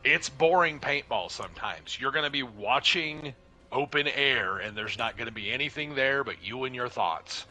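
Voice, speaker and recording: A man telling a profane, animated paintball story in casual chat, acting out what people said. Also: mid-range voice, normal speed, soft background music. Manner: profane, animated, acts out dialogue.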